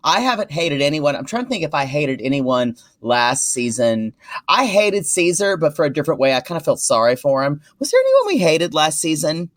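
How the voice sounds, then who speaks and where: A man's voice: a little high, huge pitch swings, no echo, studio quality. Catty man co-hosting a podcast. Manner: chatty and catty, quick asides. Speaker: podcast co-host. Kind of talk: casual podcast chat.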